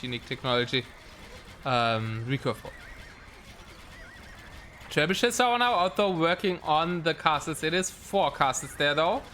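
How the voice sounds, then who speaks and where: A man casting a live esports match, excitable and rambling with plenty of fillers. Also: fairly high pitch, a little hiss or hum. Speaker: game caster.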